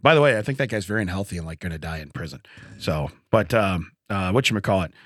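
Male radio co-host, lively pitch, dry close mic, chatty and laughing. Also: quick pace, no echo. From Illinois. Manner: laughs often, animated storytelling. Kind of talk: casual banter.

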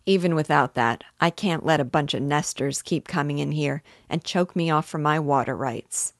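A woman reading the part of a smooth, persuasive, scheming cattle rancher from a novel read aloud. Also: deep voice, normal speed, no echo, clean studio sound.

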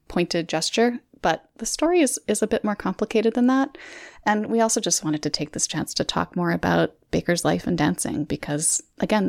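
A woman with a lowish, gravelly voice co-hosts a podcast discussion. She talks in a measured, thoughtful way, laying out her points conversationally. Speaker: podcast co-host.

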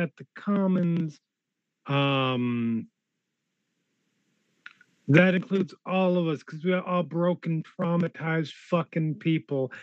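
A man's voice: high-pitched, no room sound, muffled recording. A man playing his character in a tabletop role-play game, talking in a rambling way and swearing freely.

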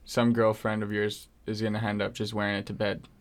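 A man's voice: fairly low pitch, monotone, brisk. A young man from Canada co-hosting a podcast in casual chat, laid-back, with lots of fillers and swearing. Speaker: podcast co-host.

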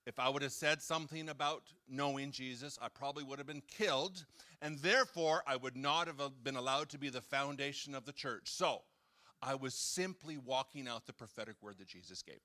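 A man's voice: mid-range voice, fairly quick, pushed and bright. A man preaching a casual, conversational sermon, joking with the congregation and acting out quotes. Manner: chatty, jokes and acts out quotes, talks with the audience. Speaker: pastor. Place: church hall.

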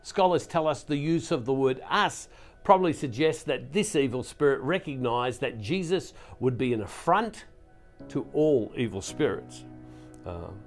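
A man's voice: mid-range voice, animated, measured pace, faint music behind. A man preaching as a Catholic minister, teaching on scripture in an earnest way, with restarts, and reading passages aloud with more force.

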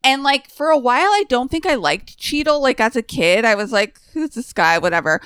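A woman's voice: high voice, fairly quick, smooth, no echo. A woman co-hosting a podcast, eagerly retelling film scenes in casual conversation. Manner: enthusiastic, animated retelling of scenes.

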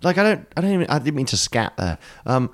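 Excitable, sweary New man. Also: medium pitch, fast talker, dry recording, clean studio sound. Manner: excitable, sweary, playful reactions. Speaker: podcast co-host. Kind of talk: casual podcast banter.

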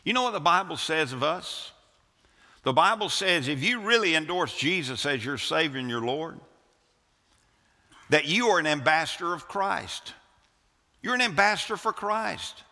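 A male pastor delivers an earnest sermon in a church sanctuary, his bright, forceful voice carrying through a long hall reverb. He often restarts his phrases, swinging up and down in pitch and volume as he presses each point. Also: animated, normal speed, long pauses.

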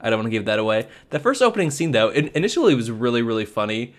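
A man's voice: mid-range voice, very animated, very fast. A man casually recapping a movie in a chatty, rambling way, full of fillers and restarts. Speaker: movie reviewer. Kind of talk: casual spoken review.

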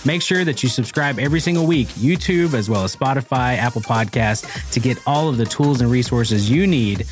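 A man's voice: mid-range voice, normal speed, few pauses, faint music behind. A man hosting a casual podcast chat from a studio, upbeat and jokey. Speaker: podcast host.

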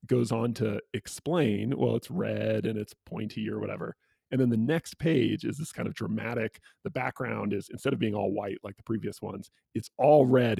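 A man co-hosting a casual book discussion, retelling a picture book and slipping into quick quoted voices. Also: fairly low pitch, vocal fry, mellow, breathy edge, no echo. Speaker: co-host.

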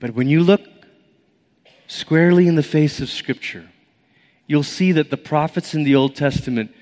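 Animated male preacher in a reverberant hall. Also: fairly high pitch, normal speed, long pauses. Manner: animated storytelling with acted-out inner voices. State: a little out of breath. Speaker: pastor. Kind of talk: sermon.

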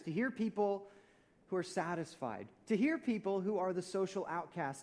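A man, a pastor, preaching a conversational sermon in a church, telling stories with humor and swinging between loud and soft. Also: sits high.

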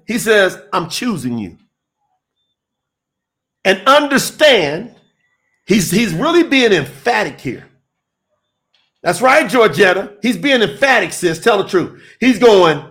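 Slow, animated, high-voiced preacher man. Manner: emphatic, call-and-response preaching to online listeners. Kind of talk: live-streamed sermon.

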